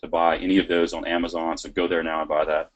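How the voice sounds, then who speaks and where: A man's voice: deep voice, little pitch movement, fast talker, dull audio. A man hosting a webinar, introducing the guest speaker in a casual, enthusiastic way. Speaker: webinar host.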